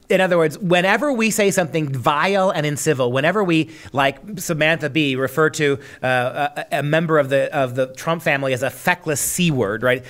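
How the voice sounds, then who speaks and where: A man's voice: a little high, a bit bright. A man hosting a podcast, delivering opinionated commentary in a sarcastic, mocking tone. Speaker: podcast host.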